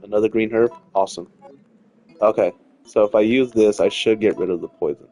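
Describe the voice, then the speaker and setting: A man's voice: lowish voice, fairly even intonation, brisk, dark tone. A man giving casual let's-play commentary as he plays, rambling, repeating himself and swearing freely. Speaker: gaming streamer.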